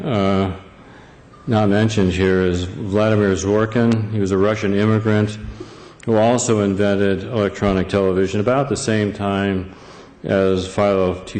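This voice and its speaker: In an echoey hall with faint ambient sound, a man presents to a live audience in a lowish, slightly mellow voice. His talk is full of fillers and restarts.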